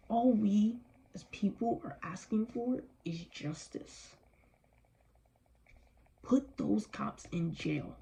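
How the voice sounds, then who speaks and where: Angry, weary woman with a gravelly voice. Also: medium pitch, mellow, a little hiss or hum, rough recording. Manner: angry, weary, emphatic, with strong language. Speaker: vlogger. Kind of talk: impassioned personal vlog.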